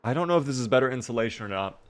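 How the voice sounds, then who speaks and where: A man's voice: medium pitch, animated, rapid-fire. A tired young man streaming a survival game, chatting casually and thanking viewers by name. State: tired, yawning. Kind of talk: casual live-stream commentary.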